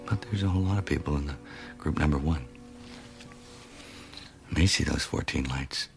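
An actor playing a solemn man who muses on miracles and fate in a low, hushed half-whisper, taken from a film soundtrack. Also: normal speed, vocal fry. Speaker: film character. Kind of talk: dramatic film monologue. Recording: film soundtrack with music underneath.

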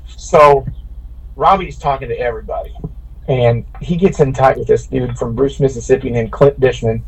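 A bracket racer from Illinois, appearing as a podcast guest, tells a long, animated story that keeps restarting as he rambles in casual chat. His medium-pitched voice has vocal fry and a slight roughness at normal speed, and the recording quality is low.

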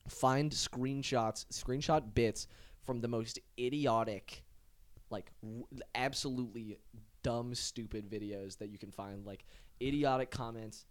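A man's voice: mid-range voice, steady tone, unhurried. A man co-hosting a casual podcast, chatting loosely and joking around with his friend. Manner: joking, loose, laughs often. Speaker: podcast co-host. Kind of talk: casual chat.

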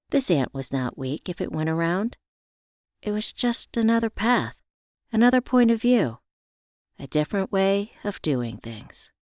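Woman, story narrator, low voice, reflective and measured, dry close sound. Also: darkish tone, clear, resonant tone, no echo. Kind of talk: first-person story narration.

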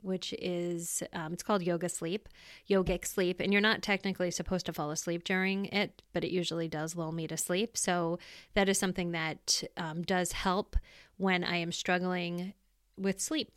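A woman's voice: on the low side, flat delivery, normal speed, clear, resonant tone, dry recording, clean studio sound. A middle-aged woman hosting a solo podcast, talking candidly and reflectively in a casual, plainspoken way. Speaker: podcast host.

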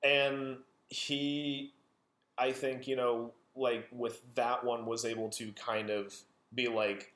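A man's voice: mid-range voice, little pitch movement, slow, a bit bright. Enthusiastic man in an echoey room. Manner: enthusiastic, rambling, laughs often. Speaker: podcast co-host. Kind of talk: casual film discussion. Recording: roomy echo.

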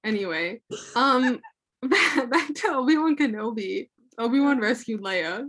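A woman's voice: a little high, lively intonation, unhurried, fairly bright tone. A young woman co-hosting a podcast in casual chat, playful and self-deprecating. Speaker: podcast co-host.

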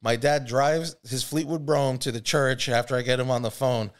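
A man's voice: medium pitch, fairly even intonation, moderate pace, smooth. A man hosting a podcast, telling a story in a casual, rambling, profane way, full of filler words. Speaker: podcast host.

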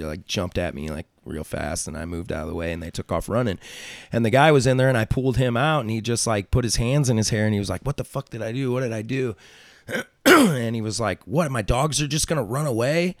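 Man, low voice, interview guest, rambling casual storytelling, lots of fillers, swearing, dry close mic. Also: no echo. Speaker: interview guest, tattoo artist.

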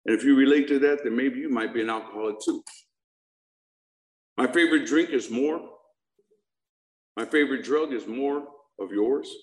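A man's voice: mid-range voice, moderate pace, long pauses. A middle-aged man telling a humorous personal recovery story to a live audience, joking and asking them questions. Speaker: speaker sharing his recovery story. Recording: echoey room.

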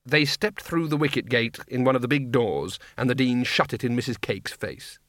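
A man narrating a comic fantasy audiobook in a measured, dry storytelling manner. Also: medium pitch, a bit bright, no echo.

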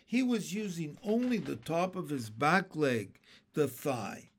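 A man reading a children's book aloud chapter by chapter, in a slow, lively storytelling manner. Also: a little high. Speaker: storybook reader.

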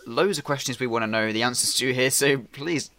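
A man's voice: medium pitch, a little fast, sharp tone. A man co-hosting a podcast, rambling casually with many fillers. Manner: rambling, laughs often. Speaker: podcast co-host. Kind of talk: casual chat.

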